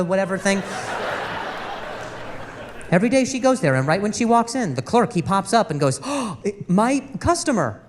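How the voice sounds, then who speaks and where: A man in his thirties doing a stand-up comedy set, telling a story with lively stutters and acting out the people in it. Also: high-pitched, in a large hall. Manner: animated storytelling with stutters and acted-out quotes. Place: comedy club stage with a laughing audience. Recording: live club audio with audience noise.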